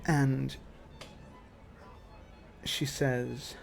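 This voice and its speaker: Man, game master, tabletop narration, gravelly voice, slow, descriptive, faint music behind. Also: medium pitch, level tone. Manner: descriptive, hesitant restarts. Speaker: dungeon master.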